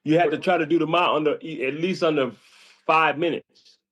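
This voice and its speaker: Over a remote call, an older man who once played college basketball tells stories at a brisk clip. He's lively and laughs often, and his pitch leaps up whenever he quotes himself.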